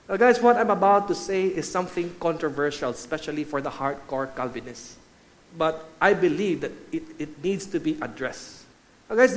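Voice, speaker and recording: Man preaching, high voice, emphatic, repeats key lines, addresses the congregation directly. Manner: emphatic, repeats key phrases, addresses listeners as guys and church. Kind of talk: sermon.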